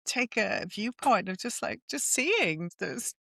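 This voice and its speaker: Middle-aged woman podcast guest, lively and laughing, crisp bright voice. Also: mid-range voice, takes it slowly, no echo. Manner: animated storytelling, laughs often between phrases. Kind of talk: casual conversation.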